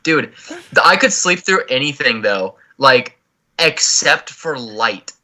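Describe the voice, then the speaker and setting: A man's voice: mid-range voice, lively intonation, takes it slowly, pushed and bright. A young man co-hosting a comedy podcast, telling rambling, profane stories in casual chat over a video call. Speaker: podcast co-host.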